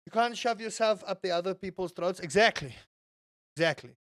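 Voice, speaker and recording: A man's voice: sits high, fairly even intonation, fairly quick, dry recording, clean studio sound. A man streaming a game live, chatting with viewers in a sarcastic, rambling way full of stammered fillers.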